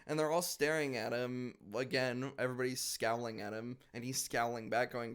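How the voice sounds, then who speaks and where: A man's voice: mid-range voice, level tone, fairly quick, few pauses, smooth. Man talking through his points with restarts. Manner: argumentative, restarts sentences, frequent uh and like. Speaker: podcast co-host. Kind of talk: casual review chat.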